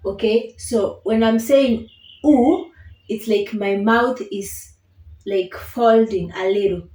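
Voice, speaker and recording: A patient, encouraging woman teaches a beginner lesson at a slow, careful pace. Her voice sits some distance from the mic, and the room gives it a roomy echo. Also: medium pitch, darkish tone. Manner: patient, encouraging, checks in with "okay?" often. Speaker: language teacher. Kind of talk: beginner language lesson, repeat-after-me drills.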